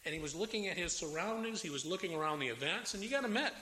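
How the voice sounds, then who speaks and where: A man preaching a sermon with a Southern American accent, animated and dramatic, raising his voice as he acts out the complaints of biblical figures. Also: high-pitched, rapid-fire. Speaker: pastor. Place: church sanctuary. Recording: echoey hall with faint room noise.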